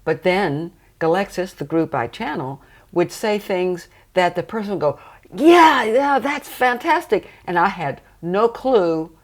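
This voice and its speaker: An older woman, a trance channeler, talking reflectively in a relaxed interview and laughing often. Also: lowish voice, measured pace.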